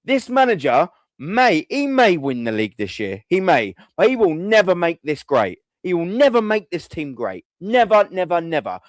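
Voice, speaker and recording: A man's voice: high voice, very animated, moderate pace, few pauses, no echo. A man, hosting a fan call-in show and ranting furiously, swearing and repeating himself. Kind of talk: angry fan rant.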